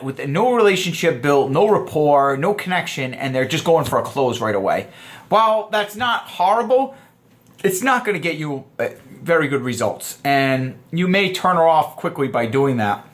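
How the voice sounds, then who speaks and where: A young adult man talks to the camera in a relaxed, easygoing way, giving dating advice. He slips in and out of example lines, briefly playing both himself and the woman. His pitch sits in an ordinary middle range. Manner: relaxed, loose, acts out both sides of example chats. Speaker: dating coach. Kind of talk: casual instructional talk to camera.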